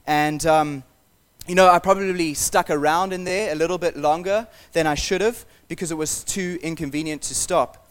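A man delivers a sermon in a relaxed, conversational tone. His voice sits a little higher than most men's. He talks earnestly and encourages his listeners. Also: moderate pace, smooth. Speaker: pastor.

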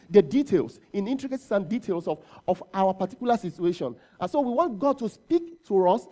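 Guy preaching a sermon, pretty high voice but soft and mellow, chatty, keeps asking the room questions. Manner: conversational, with rhetorical questions and self-corrections. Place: church service.

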